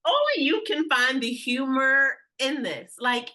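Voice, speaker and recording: Bright, lively-voiced woman host. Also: high voice, unhurried. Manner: supportive listener with short affirmations and laughs. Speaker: podcast host. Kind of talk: interview hosting.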